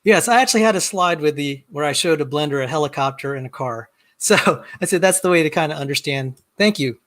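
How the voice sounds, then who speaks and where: A middle-aged man walking through a software demo on a video call, rambling and self-deprecating, often repeating words as he starts a sentence. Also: a little high, fairly quick. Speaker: guest. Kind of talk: casual screen-share demo chat.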